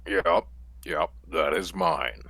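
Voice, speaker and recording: Brief: a man doing a low, creaky, slow-talking drunk in a dry room. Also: sharp tone, dry recording, exaggerated voice. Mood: gruff. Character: hungover grown man craving ale. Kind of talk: tabletop role-play.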